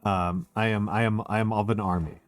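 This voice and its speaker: A man chatting casually on a stream, excitable and swearing, full of filler words. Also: lowish voice, a little fast, no room sound, soft background music. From United States. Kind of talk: casual chat.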